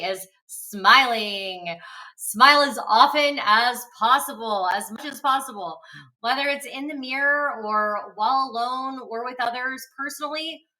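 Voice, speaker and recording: A woman's voice: a little high, pushed and bright, far from the mic, poor audio. A woman co-hosting a casual motivational chat in an upbeat, encouraging way. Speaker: co-host.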